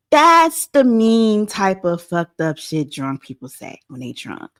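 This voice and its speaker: A young adult woman hosting a pop-culture commentary show, animated and blunt, acting out quotes as she goes. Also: medium pitch, measured pace, hardly any pauses. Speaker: host.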